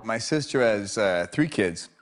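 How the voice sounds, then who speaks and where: A man's voice: on the low side, expressive, a little slow. Man with an r-and-l speech impediment. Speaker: interview guest. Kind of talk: casual anecdote.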